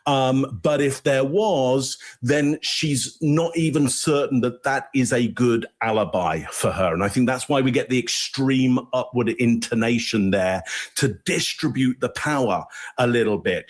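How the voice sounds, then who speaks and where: Man explaining vocal tone analytically. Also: medium pitch. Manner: explanatory, thinking aloud with fillers and restarts. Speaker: body language analyst. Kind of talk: expert commentary on a clip.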